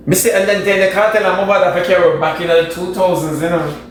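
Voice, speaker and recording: Talking fast in a high, level voice, a social media commentator with a Jamaican accent dishes sassy, dramatic gossip for a reaction video. The very echoey room carries faint noise.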